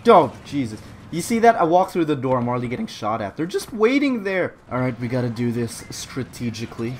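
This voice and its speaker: A young man giving lively, sarcastic commentary over his own gameplay, boasting in jest and swearing freely. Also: medium pitch, fairly quick, slight background noise. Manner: mock-boastful, jokes about himself. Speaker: gaming video creator.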